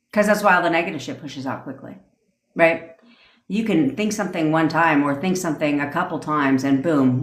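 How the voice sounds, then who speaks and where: A woman's voice: low-pitched, echoey room. A woman manifestation coach giving a blunt, profane livestream rant in a conversational way, acting out tones of voice in her examples.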